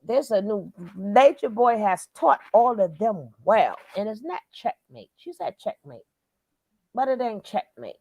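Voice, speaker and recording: Older lady going off on her stream, pitch jumping all over, dry close sound. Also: a little slow, dry recording. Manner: animated, loud bursts and asides to pets. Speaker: channel host. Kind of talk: casual commentary chat.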